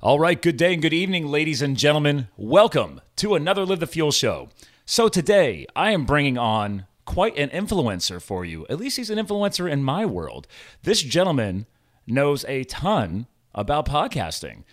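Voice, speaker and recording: A man's voice: a little high, big pitch swings, moderate pace. Chatty American man hosting a podcast. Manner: enthusiastic, chatty, laughs often. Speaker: podcast host. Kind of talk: casual interview chat.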